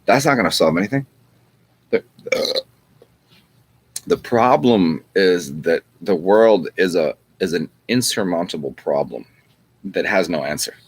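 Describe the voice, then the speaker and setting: A man's voice: deep voice, expressive, measured pace, pauses often, slightly rough. A man hosting his own channel, talking in a rambling, profane monologue with frequent restarts and a wry edge. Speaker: channel host.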